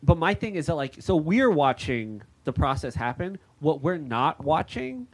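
A man's voice: on the high side, normal speed. An American man co-hosting a podcast in casual banter, rambling and profane as he tells stories. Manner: rambling, profane, animated storytelling. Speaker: podcast co-host.

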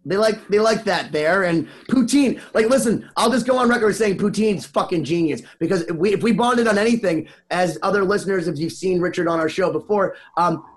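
High-voiced guy in a band, rambles and swears a lot, podcast chat. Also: fairly quick, few pauses. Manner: rambling, profane, excitable storyteller. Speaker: band member, wedding DJ.

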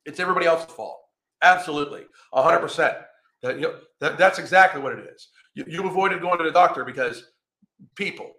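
A man's voice: on the high side, fast, sharp tone, echoey room. A man hosting a podcast, ranting in reaction commentary with a profane, combative and sarcastic manner. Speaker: podcast host.

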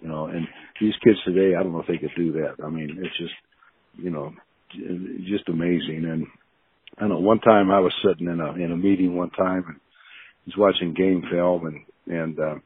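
A man's voice: deep voice, fairly even intonation, moderate pace, slightly rough, no room sound. An older man, a former football player, telling stories with many fillers and chuckles. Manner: rambling, many fillers, laughs while recalling. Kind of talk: storytelling interview. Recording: tinny phone line.

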